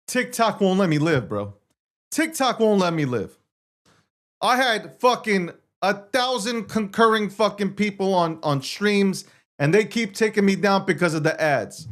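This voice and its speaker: He hosts a livestream show and rants at viewers in a high, fairly bright, animated voice at a measured pace. Brash and profane, he boasts, repeats himself and throws out rhetorical questions.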